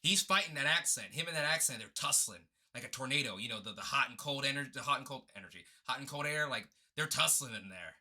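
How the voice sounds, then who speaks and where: A man hosting a reaction video, commenting in a casual, mocking way. His voice is very bright and sharp in tone at a middling pitch. He rambles and repeats his points in loose bursts. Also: expressive, fast, hardly any pauses.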